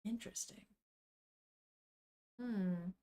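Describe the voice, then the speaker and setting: A woman's voice: mid-range voice, extremely slow, warm tone. A woman streamer reading a manga aloud and chatting casually with her viewers, laughing often and swearing now and then.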